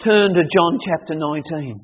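A male preacher with a high voice delivers a sermon to a young audience. He talks in an animated way and breaks into sudden loud acted-out cries. His voice rings with the long reverb of a large hall. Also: moderate pace, husky, muffled recording.

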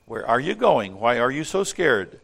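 A man voicing a gullible, excitable female hen with breathless high exclamations in a children's story. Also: moderate pace, gravelly, heavily acted. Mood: friendly.

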